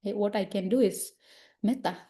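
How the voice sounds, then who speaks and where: Mellow-voiced woman, reflective dharma talk. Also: medium pitch, normal speed. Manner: reflective and earnest, acting out her own inner thoughts in quotes; non-native English phrasing. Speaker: Buddhist nun leading a sutta discussion. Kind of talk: informal dharma discussion.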